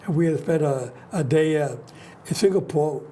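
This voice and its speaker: An older New York man hosts a talk show, rambling through casual stories and restarting often. His voice is a little high and dark, at normal speed, with slight background noise.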